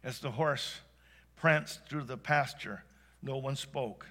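A man telling a heartfelt story aloud, animated and swinging between hushed and excited delivery. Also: medium pitch, slow. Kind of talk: expressive spoken storytelling.

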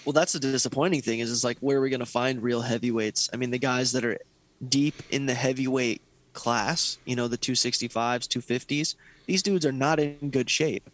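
A man's voice: mid-range voice, fairly even intonation, moderate pace. A man co-hosting a casual podcast about a fighting reality show, talking in a sarcastic, profane way and mocking people with impressions. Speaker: podcast co-host.

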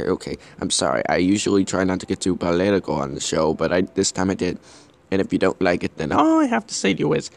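A man hosting a podcast, giving a deadpan comedy monologue with jokey murmured asides. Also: deep voice, fairly quick, creaky. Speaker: podcast host.

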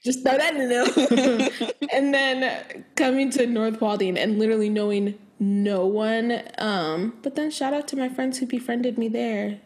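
A woman's voice: fairly high pitch, a little slow, hardly any pauses, a little mellow. A young American woman hosting a podcast, talking in a rambling, casual way and laughing often. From United States. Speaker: podcast host. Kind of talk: casual chat.

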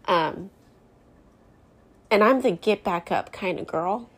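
A woman's voice: medium pitch, moderate pace, husky. A woman in her thirties hosting her own podcast, talking candidly with lots of fillers, tired and close to tears. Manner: candid, rambling, many fillers like "you know" and "like". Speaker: podcast host. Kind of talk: candid solo podcast talk.

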